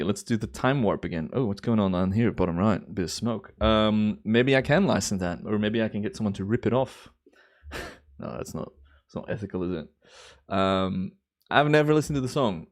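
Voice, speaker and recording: A young man hosting a live stream, talking casually and thinking aloud as he reviews footage and answers chat. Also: on the low side. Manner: relaxed, chatty, thinks aloud. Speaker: livestream host.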